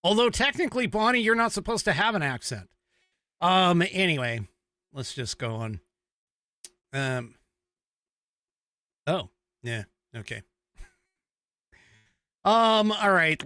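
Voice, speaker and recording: A man's voice: fairly high pitch, sharp tone, dry recording. An American man hosting a talk show from a small studio, chatting in a rambling way and chuckling at himself. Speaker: show host. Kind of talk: casual talk show chat.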